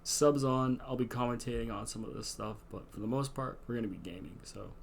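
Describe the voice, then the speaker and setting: A man's voice: mid-range voice, fairly quick, vocal fry, slight background noise. A man streaming, chatting casually in a laid-back, self-mocking way.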